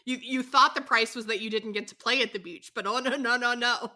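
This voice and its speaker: Bright-voiced woman recapping a show. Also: on the high side, steady tone, brisk. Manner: candid, exasperated, swears and laughs while recapping. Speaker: podcast co-host recapping episodes. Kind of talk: casual chat.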